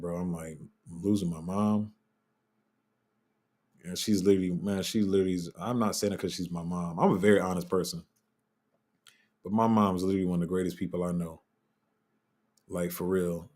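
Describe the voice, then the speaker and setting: A man's voice: deep voice, a little mellow. A man hosting a casual live crypto Q&A, answering chat in a loose, candid way and trailing off while he looks things up. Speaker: crypto livestream host.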